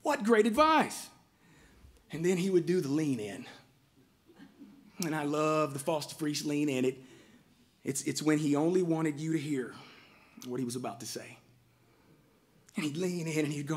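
Guy pastor doing a eulogy, heartfelt storytelling, slightly higher voice. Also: moderate pace, pauses often. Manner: heartfelt, storytelling, breaks into lively voiced quotes. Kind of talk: memorial eulogy.

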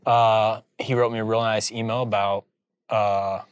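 A man's voice: lowish voice, a little slow, smooth, dry recording, muffled recording. Casual storytelling man in a dry room. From Indiana, USA. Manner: animated storyteller, heavy use of "like". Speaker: interview guest, filmmaker.

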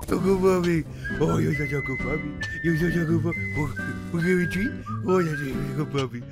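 A man's voice: a little high, fairly quick, vocal fry, over loud music. A man playing a doting owner who gushes baby talk at a puppy in a sing-song voice.

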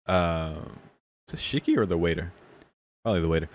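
Deep-voiced man reading a game aloud. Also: expressive, a little fast, pauses often, a little hiss or hum. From United States. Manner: reads the text then breaks off into swearing, laughing commentary. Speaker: visual novel let's player. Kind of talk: reading a visual novel aloud with reactions. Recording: music playing behind the voice.

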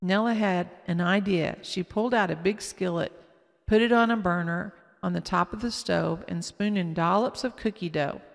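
Woman reading aloud, gravelly voice. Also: on the low side. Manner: slow, careful reading with small slips. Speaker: storyteller. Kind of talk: reading a children's story aloud. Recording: long echoing reverb.

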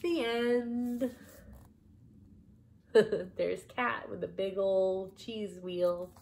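A woman reading a children's book aloud in a gentle, expressive way. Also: medium pitch, very slow, gravelly. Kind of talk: storybook read-aloud.

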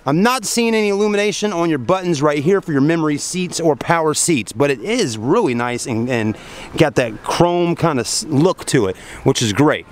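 A man's voice: fairly high pitch, animated, normal speed. A man gives a chatty, folksy car review outdoors at a dealership at night and then inside the car, talking to his viewers as folks and sounding hot and tired after a long day. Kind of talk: casual walkaround car review.

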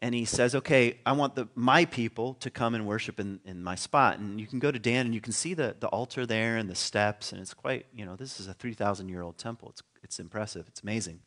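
A man's voice: fairly low pitch, a little fast, few pauses, a bit bright. A man teaching at a spiritual community, giving a conversational sermon, chuckling and thinking aloud with frequent restarts.

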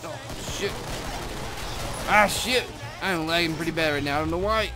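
A young man casually commentating a shooter game, swearing and shouting at enemies as he plays. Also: on the high side, moderate pace, over music. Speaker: gameplay commentator. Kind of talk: casual gaming chat. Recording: game audio behind with clear gunfire noise.

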